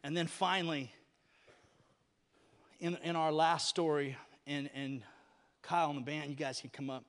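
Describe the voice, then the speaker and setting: A male pastor preaching a sermon, telling stories with animated voices that rise to near-shouting at the peaks. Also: fairly high pitch, measured pace, long pauses, big-room sound.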